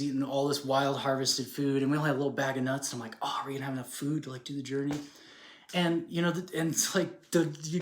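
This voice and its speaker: Male speaker, casual rambling storyteller, average pitch, roomy echo. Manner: rambling, filler-heavy, animated retelling. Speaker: spiritual speaker.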